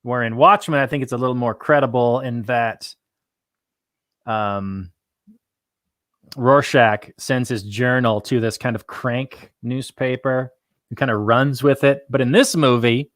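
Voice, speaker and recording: A man co-hosting a casual movie review podcast, giving measured commentary. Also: medium pitch, fairly even intonation, fairly bright tone, no room sound, clean studio sound.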